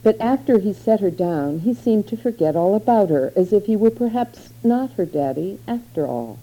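A woman narrating a literary short story in a measured, unhurried reading. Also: mid-range voice, animated, mellow, poor audio.

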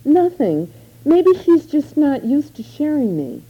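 A woman's voice: sits high, big pitch swings, slow, highs cut off, voice pushed up, exaggerated voice. A woman reading as a clipped, guarded young mother. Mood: defensive. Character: edgy young mother, defensive wife.

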